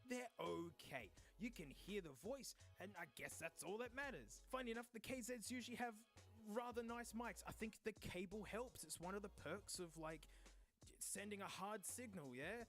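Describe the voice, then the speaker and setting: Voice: medium pitch, lively intonation, normal speed, a bit bright, faint music behind. Chatty headphone reviewer. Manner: chatty, opinionated, laughs now and then. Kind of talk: casual product review.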